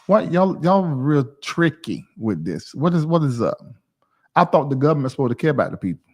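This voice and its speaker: Animated man in his forties. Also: fairly high pitch, brisk. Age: 40s. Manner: rambling, animated, talks to chat viewers by name. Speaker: livestream host. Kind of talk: casual livestream chat.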